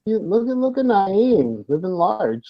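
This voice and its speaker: A man chatting casually on a video call, hesitating with lots of fillers as he recalls names. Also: unhurried. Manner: hesitant, many fillers, lively pitch. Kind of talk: casual group chat over video call. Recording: dull lo-fi call audio.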